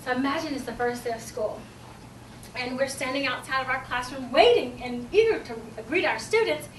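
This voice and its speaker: A woman giving a humorous contest speech, animated and acting out children's voices in a stage storytelling style. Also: normal speed, a little hiss or hum. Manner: animated, acts out children's voices in high squeals. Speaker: speech contest speaker, teacher. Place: event hall. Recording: roomy hall, mic from a distance.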